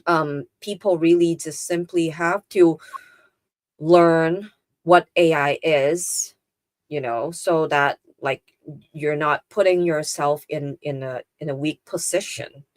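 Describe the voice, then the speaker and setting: A woman's voice: low voice, steady tone, slow pace, no echo. A woman guest on a video call interview, explaining things thoughtfully and using lots of fillers. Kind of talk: casual interview chat.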